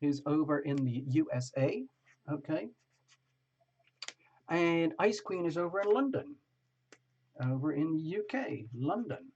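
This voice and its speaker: A man's voice: on the high side, very animated, unhurried, long pauses, darkish tone, breathy edge, dull audio. A man hosting a live tarot stream, chatting casually, greeting viewers by name and laughing often.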